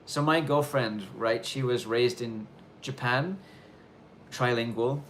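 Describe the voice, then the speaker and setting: A man with a medium-pitched voice talks slowly as he hosts a casual live question-and-answer stream from snowy countryside in Japan. His chat is loose and rambling, full of fillers and restarts, with a little hiss or hum in the background.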